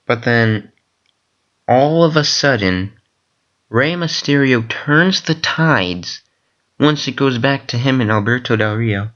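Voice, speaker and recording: A man telling a long rambling story in a casual vlog, excitable and full of fillers. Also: mid-range voice, slow pace. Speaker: vlogger. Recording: dull lo-fi recording.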